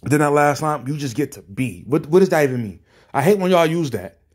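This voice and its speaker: Exasperated, husky-voiced man ranting. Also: on the high side, animated, a little fast, a little mellow. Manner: exasperated, profane, sarcastic. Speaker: commentary streamer. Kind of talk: reacting to comments.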